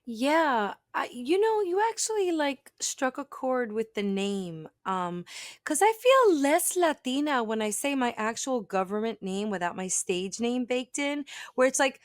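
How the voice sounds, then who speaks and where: A woman comedian talks as a guest, animated and chatty. Her voice sits a little high and sounds dry and close. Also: normal speed, dry recording. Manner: animated, chatty, many fillers like "like" and "you know". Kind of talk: casual conversation.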